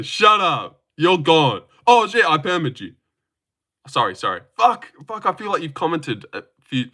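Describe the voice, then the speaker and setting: A man's voice: fairly high pitch, pushed and bright. A man streaming live, reading chat comments aloud and answering them in profane, heated rants.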